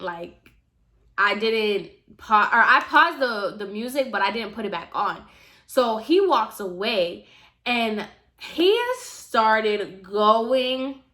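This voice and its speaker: Bright, chatty young woman telling a story. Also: mid-range voice. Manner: chatty, animated, fillers like "mind you". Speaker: vlogger. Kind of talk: casual storytime.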